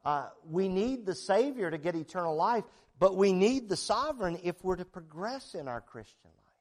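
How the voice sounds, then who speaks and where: Middle-aged man, preacher, sermon, emphatic, rhetorical questions, fairly high voice. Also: expressive, normal speed.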